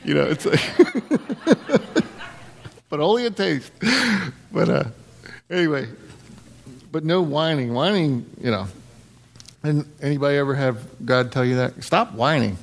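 A middle-aged man giving a casual, conversational sermon to a congregation, laughing often and jumping up in pitch when he acts out lines. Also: measured pace, vocal fry, long pauses. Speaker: preacher.

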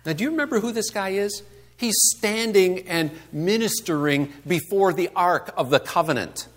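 A man's voice: high voice, expressive, moderate pace. A man giving a conversational sermon to a congregation, asking rhetorical questions and acting out the complaints he quotes. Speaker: pastor.

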